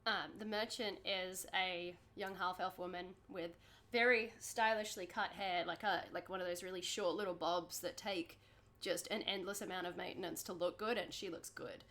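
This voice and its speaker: A woman's voice: fairly low pitch, fairly even intonation, moderate pace, a bit bright. A woman game master narrating a tabletop game in a descriptive, meandering way with many fillers.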